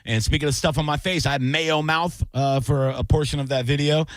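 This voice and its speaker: A man co-hosting a casual radio aftershow, telling animated stories and acting out quotes. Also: a little high, fairly quick, no room sound, clean studio sound. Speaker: radio show co-host. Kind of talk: casual radio chat, storytelling.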